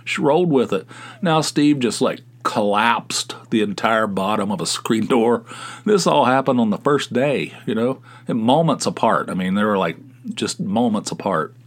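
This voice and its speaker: A middle-aged man from West Virginia, a podcast host, telling rambling, animated stories with chuckles in a casual style. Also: fairly low pitch, normal speed. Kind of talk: casual anecdotal storytelling.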